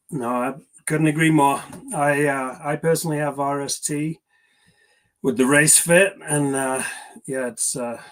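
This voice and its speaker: A man with a Manx accent, answering interview questions in a relaxed, modest way. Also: mid-range voice, low-quality recording. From Isle of Man. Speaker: podcast guest, racer.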